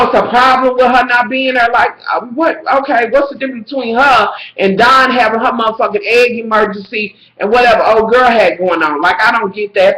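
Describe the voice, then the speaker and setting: A woman in a casual vlog, reviewing a reality show with sassy, profane, animated rants and frequent shouting. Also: a little high. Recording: echoey room.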